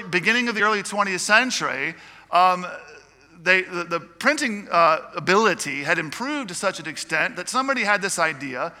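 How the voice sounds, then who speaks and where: Male pastor, high and very bright tone, chatty joking sermon, long church reverb. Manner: chatty, with joking asides to the congregation. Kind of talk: conversational sermon.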